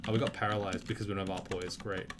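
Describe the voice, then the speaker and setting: A man's voice: low-pitched, level tone, fast talker, noisy background. A man giving casual, profane commentary while playing a game, flaring into indignant outbursts at enemies. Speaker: gameplay commentator. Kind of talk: casual let's-play commentary. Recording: loud keyboard clicks picked up by mic.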